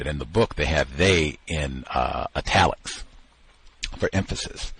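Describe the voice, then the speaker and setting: Man, host, emphatic, repeats phrases, husky, dry close sound. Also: a bass voice, measured pace, fairly bright tone, no echo. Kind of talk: book discussion commentary.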